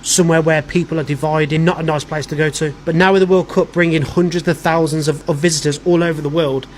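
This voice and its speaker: Casting: declamatory man, fairly high voice, faint noise behind. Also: fairly even intonation, fast. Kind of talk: earnest to-camera address.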